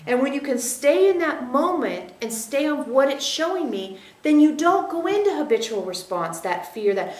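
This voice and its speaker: A woman channeling a spiritual teaching to a group, explaining in a measured way, speaking as "we" and checking that listeners follow. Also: sits high, very animated, darkish tone. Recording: roomy echo.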